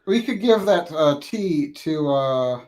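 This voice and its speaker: A man's voice: a little high, animated, slow pace, a little mellow. A man playing a video game with a friend in casual chat, thinking aloud hesitantly and using many fillers. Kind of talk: casual let's-play chat.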